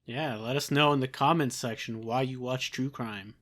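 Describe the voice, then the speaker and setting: A man co-hosting a casual podcast, speaking quickly and wryly. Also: medium pitch, fairly bright tone. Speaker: podcast co-host. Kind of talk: casual chat.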